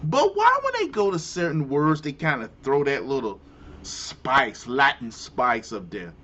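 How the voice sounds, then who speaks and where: Male host. Exasperated, slow-talking rant with lively pitch. Lo-fi audio. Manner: animated, incredulous, exclamatory. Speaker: show host. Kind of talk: casual commentary rant.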